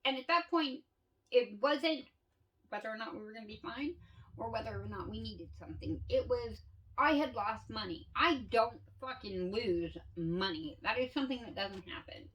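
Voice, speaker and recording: A woman's voice: on the high side, lively intonation, normal speed, a bit bright, distant mic, slight background noise, low-quality recording. A woman telling stories in a candid casual monologue, swearing freely and laughing often. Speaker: vlogger.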